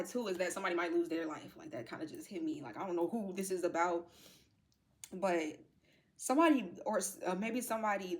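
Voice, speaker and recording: Fast-talking woman doing a tarot reading. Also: lowish voice. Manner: rambling, filler-heavy, addresses viewers as y'all; emotional, tearful at times. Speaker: tarot reader. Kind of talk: casual tarot reading to viewers.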